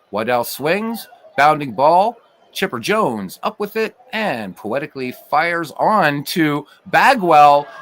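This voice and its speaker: Man, baseball play-by-play commentator, lively voice, casual and wry, faint background noise. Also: medium pitch. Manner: lively, rising to shouts on big plays, wry asides. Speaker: play-by-play host of a baseball game stream. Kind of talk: solo play-by-play commentary with live chat.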